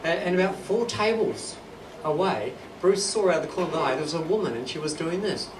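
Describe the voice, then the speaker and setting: A man's voice: fairly high pitch, lively intonation, brisk. A man with a New Zealand accent telling rambling, self-deprecating stand-up stories on a club stage, with laughter behind him. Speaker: stand-up comedian. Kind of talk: stand-up comedy. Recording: echoey club from a distance, noisy. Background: audience laughter.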